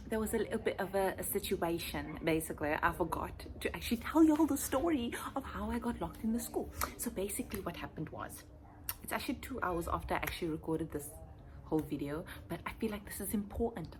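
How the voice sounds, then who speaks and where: A woman's voice: medium pitch, a bit bright, a little hiss or hum. A young woman, a first-year teacher, telling a story in a casual vlog and acting out voices and sounds.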